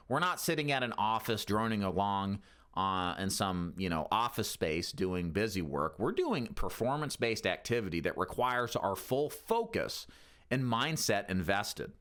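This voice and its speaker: A middle-aged man coaching insurance agents on phone selling, in a lively instructional talk. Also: medium pitch. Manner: lively, coaching delivery with varied intonation. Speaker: insurance sales trainer.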